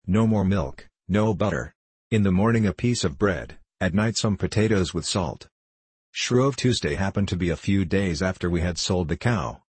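A man narrating an audiobook in a measured, steady reading voice. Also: low voice, husky, dry recording.

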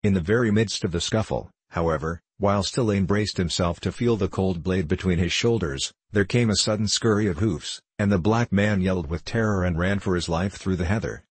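A man narrates a storybook with a very deep, husky voice. His reading is steady and measured. The recording is close and dry, with no room sound. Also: no echo. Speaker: audiobook narrator. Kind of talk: scripted narration.

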